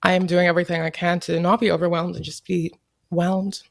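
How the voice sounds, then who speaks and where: A young woman telling stories as an interview guest in casual chat, animated, laughing often and swearing freely. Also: lowish voice, a little fast, creaky. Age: young adult.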